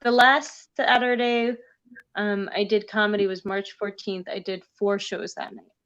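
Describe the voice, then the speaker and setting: A woman's voice: medium pitch, flat delivery, measured pace, fairly bright tone, smooth, muffled recording. A woman comedian chatting casually as a guest, talking with many fillers. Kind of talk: casual conversation.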